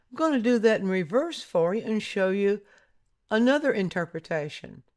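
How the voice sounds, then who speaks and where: An art instructor talks through a lesson in voice-over at an unhurried, deliberate pace. The delivery is patient and explanatory, pitched in a middle register, and it regularly invites the listener to look again. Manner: patient, explanatory, prompts viewer to look closely.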